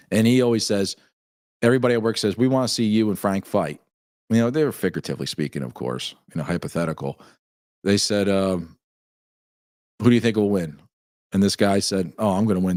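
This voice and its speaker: A man's voice: fairly low pitch, darkish tone, dry recording, clean studio sound. A man in his forties hosting a casual live stream, laughing often as he reads viewer comments aloud. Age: 40s. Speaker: show host.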